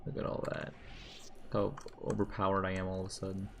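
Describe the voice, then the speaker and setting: A man's voice: low-pitched, monotone, a little fast, gravelly, noisy background. A young man streaming a video game, muttering casual, profane, sarcastic commentary as he plays.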